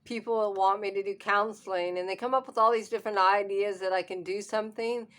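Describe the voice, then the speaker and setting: A woman's voice: medium pitch, steady tone, brisk, a bit bright. Hard-of-hearing woman, holding back tears. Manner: upset, holding back tears, nervous laughter. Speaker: vlogger. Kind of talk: emotional personal vlog.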